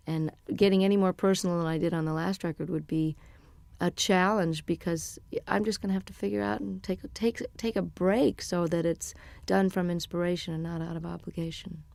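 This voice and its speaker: A woman's voice: on the low side, steady tone, a little fast, vocal fry, darkish tone, no room sound. A woman in her forties, a musician guest talking candidly and chattily in a radio interview. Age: 40s. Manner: chatty, candid and self-deprecating.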